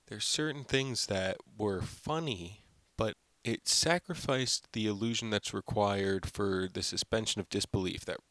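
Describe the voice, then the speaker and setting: A man's voice: fairly low pitch, a bit bright, dry recording. A young man hosting his own film channel, giving an unscripted, rambling review full of "like" and fillers. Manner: rambling, heavy use of "like" and fillers.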